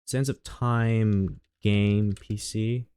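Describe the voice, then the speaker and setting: A man's voice: on the low side, fairly even intonation, drawn-out words, dark tone, clear, resonant tone. A young man chatting casually while he streams a game, rambling and mocking his own mistakes. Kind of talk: casual gameplay commentary.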